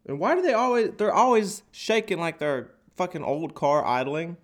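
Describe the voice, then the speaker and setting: A man with a stuffy, nasal voice from a cold tells a crude, sarcastic stand-up bit. His pitch swoops widely as he talks. He records in an echoey open office. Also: expressive, moderate pace. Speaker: podcast host and stand-up comic.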